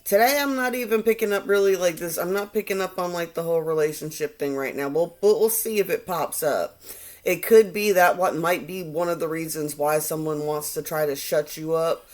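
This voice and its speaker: Lady rambling through a tarot reading, kinda low voice, mocks folks she quotes. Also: moderate pace. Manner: animated, quotes people in mocking voices. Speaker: tarot reader. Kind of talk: casual channeled tarot reading.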